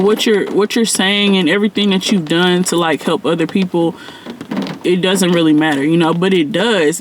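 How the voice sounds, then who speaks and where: A spiritual mentor talks casually and directly to his viewers in a vlog, loose, rambling and heartfelt, full of slang and fillers and everyday phrasing. His voice is high, with slight background noise behind it.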